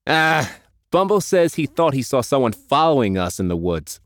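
A man's voice: medium pitch, sing-song, normal speed, no room sound, studio quality, voice pushed up. A male narrator voicing a scornful, bossy teenage boy in an audiobook. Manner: scornful, cold. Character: sneering, bossy teenage boy gang lieutenant. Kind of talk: audiobook character voice.

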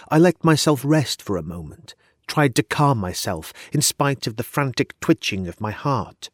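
A man narrating a first-person ghost story in a calm, measured, slightly unsettling way. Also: medium pitch, no echo, clean studio sound.

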